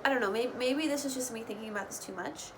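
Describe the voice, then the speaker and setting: A chatty young woman rambling through a gossipy recap with opinionated asides. Her voice sits a little high, and a faint hiss runs underneath. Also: fast. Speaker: recap vlogger. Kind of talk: casual gossipy show recap.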